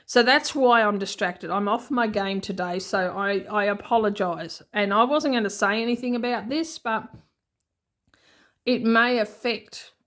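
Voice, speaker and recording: A woman's voice: medium pitch, a little slow, a bit bright. An Australian woman talking in a rambling, chatty way with many asides, in an unscripted casual vlog. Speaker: budgeting vlogger.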